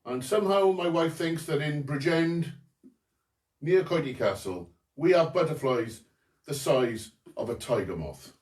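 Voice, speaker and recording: A man hosts a homemade lockdown quiz at home, reading each question slowly and deliberately, then repeating it and mimicking local accents. His high voice swoops around a lot, sounding animated yet a little mellow. He sits back from the mic in a roomy, echoey space.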